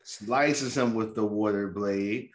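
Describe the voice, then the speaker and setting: Lively young man recapping an anime. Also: lowish voice, slow pace. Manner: animated retelling, acting out characters' lines. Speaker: anime recap podcast co-host. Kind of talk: casual anime recap chat.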